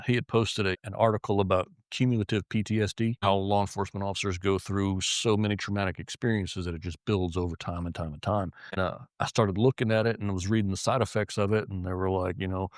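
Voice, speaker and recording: Lower-voiced man, profane and halting. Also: no echo, studio quality. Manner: heavy swearing, frequent restarts and repeated words. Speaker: interview guest, law enforcement officer. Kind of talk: casual interview storytelling.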